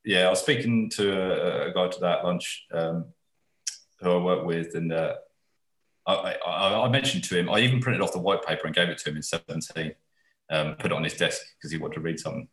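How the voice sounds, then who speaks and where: A man's voice: low voice, a little fast, fairly bright tone, reverberant. A man in casual podcast chat as a guest, rambling and swearing casually.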